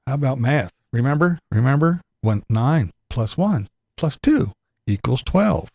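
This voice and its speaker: An older man with a gravelly, creaky voice delivers a profane, sarcastic rant. He laughs often between his complaints. The recording is dry and close, with no room sound. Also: medium pitch, sing-song, unhurried, a little mellow, dry recording. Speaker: vlogger. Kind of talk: ranting monologue.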